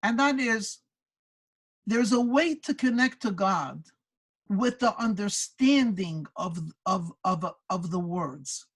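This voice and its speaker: A woman's voice: mid-range voice, animated, slow pace, slightly rough, low-quality recording. A woman speaking at a religious gathering, telling a Hasidic story and reflecting on it earnestly, often restarting her words. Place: synagogue community gathering.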